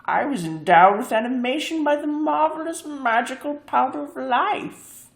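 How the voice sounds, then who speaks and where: A woman's voice: high-pitched, animated, normal speed, gravelly, echoey room, voice pushed up. A woman voicing a vain, cheeky talking glass cat in a storybook reading. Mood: sly. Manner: cheeky and sassy.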